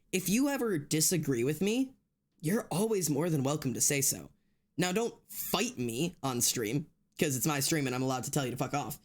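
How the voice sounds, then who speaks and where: Guy streamer on a desk mic, cusses a ton, rants to chat then laughs at himself. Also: high voice. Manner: talks straight to chat, many restarts. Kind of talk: casual livestream chat.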